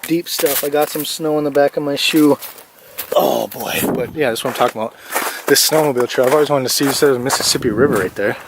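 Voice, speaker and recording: A young man from Minnesota vlogging as he trudges through deep snow outdoors, rambling with lots of fillers and a little out of breath in the cold. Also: fast. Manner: rambling, filler-heavy talk with many 'like's. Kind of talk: casual vlog walking outdoors. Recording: wind and handling noise on a phone mic.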